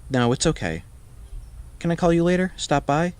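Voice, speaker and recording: A man's voice: a little high, very animated, normal speed, darkish tone, smooth, voice pushed up. A man voicing a pushy woman neighbor who pries and speaks bluntly. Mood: prying. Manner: prying, blunt.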